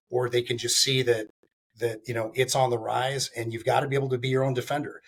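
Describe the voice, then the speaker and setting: Guy on a podcast, pretty monotone, rambles with lots of you-knows and restarts. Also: mid-range voice, quick pace. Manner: rambling, heavy on fillers and restarts. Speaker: guest, firearms training company founder. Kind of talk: casual podcast interview.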